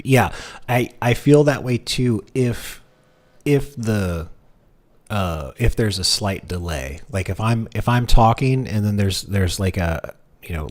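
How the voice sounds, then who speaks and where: A man chatting casually on a livestream through a headset microphone, rambling and self-deprecating with frequent restarts. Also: low voice. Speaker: streamer. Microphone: headset microphone with monitoring.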